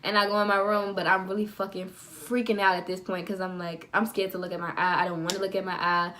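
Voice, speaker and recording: Bright-voiced young woman telling a story. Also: medium pitch, steady tone, fairly quick, few pauses, a little hiss or hum. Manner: chatty, profane, dramatic retelling. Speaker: vlogger. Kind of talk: casual storytelling to camera.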